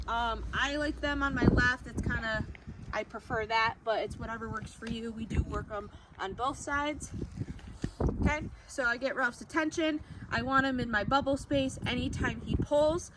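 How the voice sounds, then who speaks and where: A woman with a high voice explains dog training outdoors, chatty and relaxed, sometimes breaking into excited praise. She is picked up from a distance, and loud outdoor noise runs under her voice. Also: moderate pace. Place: outdoors near a parking area. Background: dogs and passing cars.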